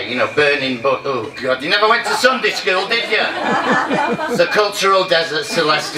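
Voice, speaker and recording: A lively man with a fairly high voice performs a rambling stand-up set, forever asking where he was and teasing the audience. He is picked up from a distance in an echoey hall, with a loud crowd ambience behind him. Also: normal speed, background noise. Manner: rambling, keeps losing his place, banters with the crowd. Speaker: comedian performing at a reunion. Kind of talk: live stand-up comedy monologue. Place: hall at a treatment centre reunion, live audience.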